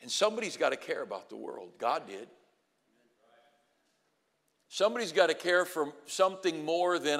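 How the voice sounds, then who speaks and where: A man preaching a sermon to college students and graduates, moving from quiet storytelling to loud, rising exhortation. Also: mid-range voice, animated, brisk, big-room sound. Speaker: pastor.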